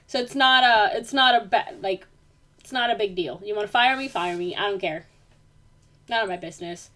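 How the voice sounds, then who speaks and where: Young woman venting to the camera, kinda high voice, lots of "like" and "um", gets fired up and emphatic. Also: pushed and bright. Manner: rambling, many fillers, grows heated and emphatic when ranting. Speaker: vlogger. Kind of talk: casual venting monologue.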